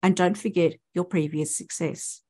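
An Australian woman, a speech pathologist, is presenting at a conference and making her points through rhetorical questions to the audience. Her voice sits on the low side, with a steady tone, a moderate pace and a darkish quality.

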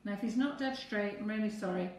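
A woman's voice: medium pitch, quick pace, far from the mic, a little hiss or hum. Woman, cake decorating tutor, chatty, live tutorial, echoey room, away from the mic. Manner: chatty, talks viewers through each step.

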